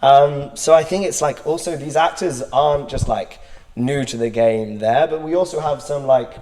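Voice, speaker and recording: A man's voice: medium pitch, normal speed, darkish tone. Rambling young man, reverberant room. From United Kingdom. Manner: rambling, full of "like" fillers, laughs often. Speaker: actor and acting student. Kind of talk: casual round-table chat.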